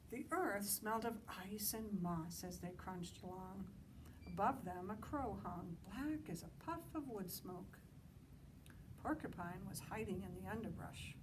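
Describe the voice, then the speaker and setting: A woman librarian reading a picture book to children outdoors, pausing for chatty asides and questions. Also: mid-range voice, expressive, far from the mic, noisy background. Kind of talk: outdoor story time reading.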